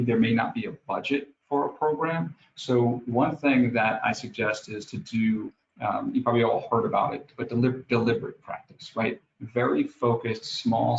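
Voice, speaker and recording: A man from New York with a New York accent, a guest speaker telling lively stories in a webinar talk. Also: slight background noise. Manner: lively storytelling, acts out scenes with rising pitch. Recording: roomy, dull lo-fi audio with faint ambience.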